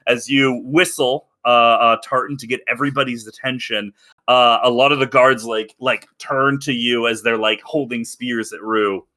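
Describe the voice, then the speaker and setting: A man narrating a tabletop game as game master, lively and full of fillers, breaking into shouted guard voices. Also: mid-range voice, moderate pace.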